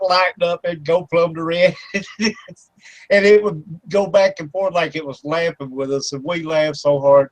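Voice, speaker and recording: A man's voice: a little high, steady tone, normal speed, no room sound, poor audio. A man hosting an internet radio talk show. He tells a rambling story with lots of fillers and laughter. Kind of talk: casual chat. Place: home studio for internet radio.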